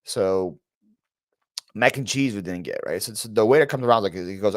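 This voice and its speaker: A man's voice: on the low side, normal speed, dry recording. A man hosting a live question-and-answer stream from his home setup, chatting casually, greeting viewers by name and telling rambling stories with lots of fillers. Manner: rambling storyteller, reads chat names aloud, frequent fillers and restarts. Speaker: reseller YouTuber hosting a live Q&A.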